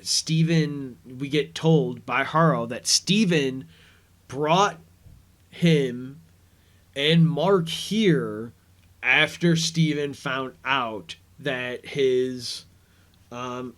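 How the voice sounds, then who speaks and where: A man's voice: medium pitch, fairly bright tone. A man hosting a podcast, recapping a TV episode in a rambling, casual way and paraphrasing scenes. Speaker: podcast host.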